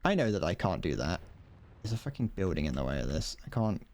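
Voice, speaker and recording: A man's voice: low-pitched, very animated, fast, darkish tone. A young man chatting casually to his viewers while playing, swearing and laughing as he goes. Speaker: streamer. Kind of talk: casual gameplay commentary.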